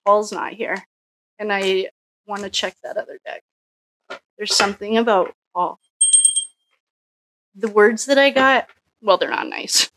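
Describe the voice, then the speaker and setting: A woman's voice: medium pitch, fairly bright tone. A woman doing a casual solo tarot reading, musing and thinking aloud with frequent restarts. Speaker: psychic tarot reader.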